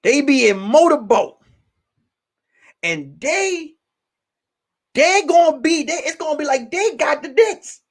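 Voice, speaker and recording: A man hosting as a comedian, ranting in a casual, profane, animated way and circling back to repeat his points. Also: very high-pitched, takes it slowly, long pauses. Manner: animated, profane, repetitive storytelling. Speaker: comedian host. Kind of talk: casual live-stream rant.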